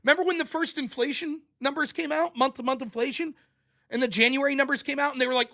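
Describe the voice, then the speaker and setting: A man's voice: very high voice, fairly even intonation, fast talker, pushed and bright. A man hosting a show, delivering a blunt, profane, sarcastic political commentary rant. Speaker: show host.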